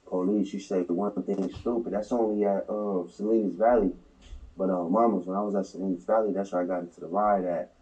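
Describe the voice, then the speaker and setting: A man with a low-sitting voice, heard far from the mic with the highs cut off, tells a prison story in an interview. He uses heavy slang and retells it animatedly, acting out the quotes.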